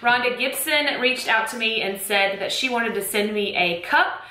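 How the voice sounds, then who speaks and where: A woman's voice: a little high, normal speed, sharp tone, echoey room. A young woman with a Southern US accent, chatting casually and gushing to camera about her favorite things as a teacher vlogger. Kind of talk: casual product chat to camera. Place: room lit with bright lights.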